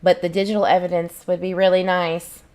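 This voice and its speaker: A woman's voice: lowish voice, little pitch movement, a little fast, darkish tone. A woman, hosting a casual livestream and chatting back to viewers' comments in a rambling way. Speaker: channel host.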